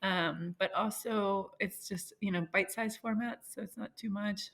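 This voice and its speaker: A woman's voice: mid-range voice, steady tone, normal speed, vocal fry, fairly bright tone. A woman in her forties talking in a casual interview, chatty and laughing often as she acts out little quotes. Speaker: guest, founder.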